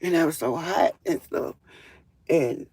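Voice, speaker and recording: A woman's voice: low-pitched, a little slow, dark tone, husky, no room sound. A woman telling her own story in a casual live stream on her phone, emphatic, with frequent fillers. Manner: emphatic, with frequent fillers like "or whatever" and "you feel me".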